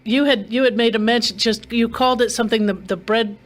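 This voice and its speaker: A woman's voice: a little high, fairly even intonation, brisk. A woman hosting a gardening radio show, chatting casually with many restarts and fillers.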